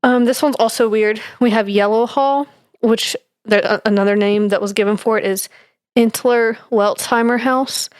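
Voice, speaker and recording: A woman's voice: a little high, steady tone, normal speed, clear, resonant tone, no room sound, clean studio sound. A young woman co-hosting a podcast, reading through her notes in casual chat with fillers and easy laughs. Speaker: podcast co-host presenting research.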